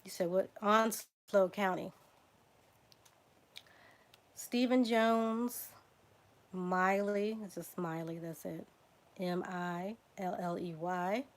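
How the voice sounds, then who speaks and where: A woman's voice: fairly low pitch, steady tone, slow, long pauses. A woman with a Southern US accent hosting a casual livestream, reading out name lists, spelling names letter by letter and chatting with viewers. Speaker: genealogy livestream host.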